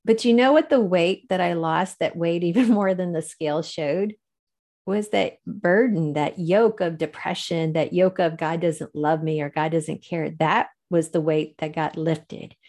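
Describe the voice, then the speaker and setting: Female interview guest, lower register; animated faith storyteller who laughs and acts out dialogue. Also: unhurried.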